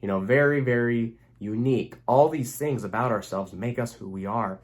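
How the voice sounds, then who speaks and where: A man's voice: mid-range voice, moderate pace, darkish tone. A young man speaking earnestly as a relationship coach, giving a motivational self-help talk to the camera and repeating phrases for emphasis.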